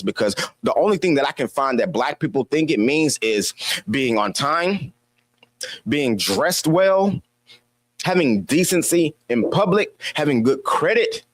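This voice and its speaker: A man with a mid-range voice delivers an opinion commentary monologue as a channel host, sounding exasperated and emphatic as he fires off rhetorical questions and repeats his points. There's no echo.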